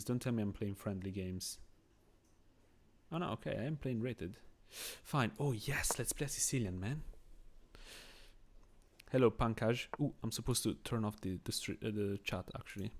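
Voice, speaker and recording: A man with a Swiss accent, speaking English as a second language, talks through his chess moves and reads out viewer comments. His voice is low and carries a gravelly fry. He talks in an easy, chatty way and reasons aloud as he plays. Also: moderate pace, slight background noise. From Switzerland. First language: not English. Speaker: chess streamer. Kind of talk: casual live-stream commentary.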